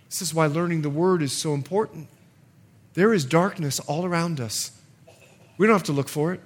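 A man preaching a sermon in an animated way, acting out little asides for the congregation. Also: fairly high pitch, normal speed, long pauses. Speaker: pastor.

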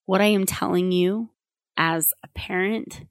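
A woman's voice: medium pitch, fairly even intonation, a little slow, no room sound, clean studio sound. A woman child therapist talking casually to parents, chatty and acting out the lines she quotes. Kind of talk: casual advice monologue.

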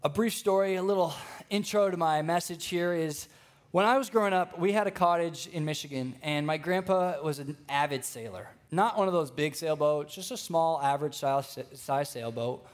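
A young man preaching a sermon, telling stories with lively energy and speaking straight to the congregation. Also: on the high side, normal speed. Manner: storytelling, animated, addresses congregation directly.

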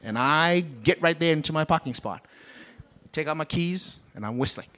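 A man's voice: a little high, lively intonation, moderate pace, heavy background noise. A man preaching a sermon with a British accent, acting out the Bible characters as he goes. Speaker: pastor.

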